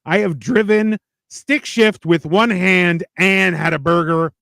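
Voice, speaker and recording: A man's voice: sits high, takes it slowly, gravelly, fairly bright tone, no room sound, studio quality. A man from Canada, a podcast guest telling self-deprecating stories in casual chat.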